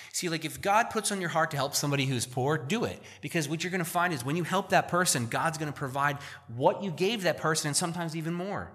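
A man, a pastor, preaching a sermon in a church, reading verses slowly and explaining them in casual asides. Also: on the high side, sharp tone.

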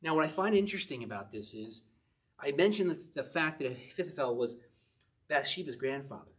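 A husky, slightly high-voiced man teaching a sermon in a conversational way. He reads scripture aloud with rising emphasis, then turns to his listeners with direct questions. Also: animated, fairly quick, fairly bright tone. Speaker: pastor.

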